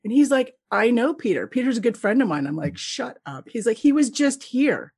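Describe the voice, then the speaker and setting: A middle-aged woman from Canada, a guest telling travel stories in a casual interview, lively and laughing often as she acts out the people she met. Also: fairly high pitch, moderate pace, husky.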